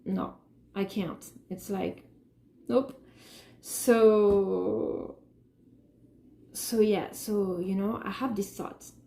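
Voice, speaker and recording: A woman's voice: mid-range voice, fairly even intonation, extremely slow, creaky, long pauses, mellow, roomy sound, slight background noise. A woman giving an unscripted personal monologue about her artwork and her feelings, rambling and emotional, with many restarts. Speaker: artist talking about her work.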